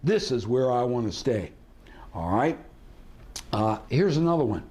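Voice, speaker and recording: A man's voice: mid-range voice, very animated, measured pace, a little mellow. A man teaching a negotiation seminar, asking his audience rhetorical questions and acting out sample dialogue. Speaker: negotiation trainer.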